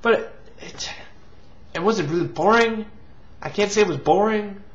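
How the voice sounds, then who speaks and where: A man's voice: sits high, moderate pace. A man hosting a casual movie review, rambling with restarts and casual swearing. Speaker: movie reviewer and show host. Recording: lo-fi, dull sound.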